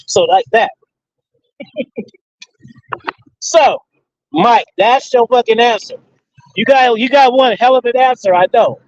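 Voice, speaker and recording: High-voiced man, rambling slangy talk. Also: unhurried, long pauses, lo-fi sound. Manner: profane, rambling, streetwise slang. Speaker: host answering audience questions. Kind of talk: casual Q and A talk.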